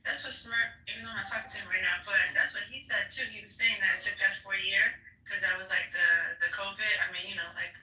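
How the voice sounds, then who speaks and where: A woman co-host in casual chat, talking quickly with chatty fillers. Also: mid-range voice, steady tone, pushed and bright. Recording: roomy, distant sound.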